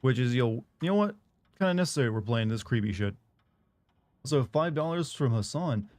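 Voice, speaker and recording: A young man streaming a video game, chatting casually in a monotone and rambling with restarts. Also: mid-range voice, brisk, no echo. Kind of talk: casual chat while streaming.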